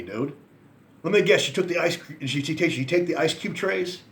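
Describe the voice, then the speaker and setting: A man's voice: fairly high pitch, animated, a little fast. A man in his forties telling rambling, profane stories about his friends and past, laughing at his own anecdotes. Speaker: vlogger. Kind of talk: casual storytelling rant.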